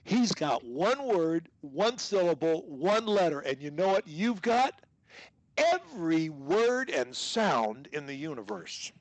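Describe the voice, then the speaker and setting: A man's voice: fairly high pitch, sing-song, takes it slowly, no room sound. A man coaching a student one-on-one over a video call, emphatic and fond of repeating his key points. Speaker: speech coach.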